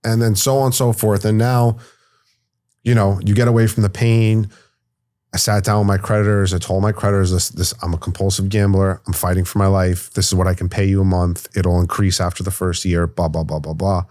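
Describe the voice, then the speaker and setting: A podcast host speaks in a very deep, low voice. His talk is easygoing and casual, full of "bro", and he relates his own experience in an offhand way. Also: little pitch movement, brisk, a little mellow. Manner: laid-back, says "bro", shares his own experience. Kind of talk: casual conversation.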